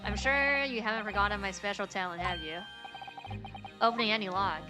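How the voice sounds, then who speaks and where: A woman's voice: medium pitch, a little fast, natural voice. Woman doing a pompous eccentric detective. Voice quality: pompous, theatrical. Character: confident eccentric male detective, grandly theatrical. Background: game music.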